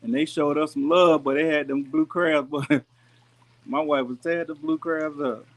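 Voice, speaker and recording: A man hosting a gardening channel, chatting casually and directly with viewers on a live stream in a relaxed, folksy way. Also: a little high, moderate pace. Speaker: YouTube gardening channel host. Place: rented house with pool and jacuzzi. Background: pool and jacuzzi noise.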